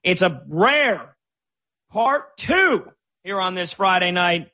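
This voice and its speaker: A man's voice: high-pitched, sing-song, takes it slowly, pushed and bright. A man hosting a sports radio show in a studio, chatty and opinionated with a playful streak. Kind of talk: casual sports talk. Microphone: studio microphone.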